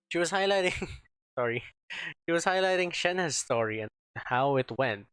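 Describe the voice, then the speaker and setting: A man's voice: a little high, lively intonation, measured pace, a bit bright, clean tone, no room sound. A man streaming a game, chatting casually and rambling as he searches for words. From Philippines. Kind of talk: casual gameplay chat.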